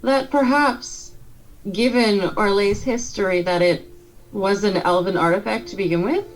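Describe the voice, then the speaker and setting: A woman's voice: medium pitch, measured pace, poor audio. A woman playing a tabletop role-playing game, speaking in character with a dry, sardonic tone.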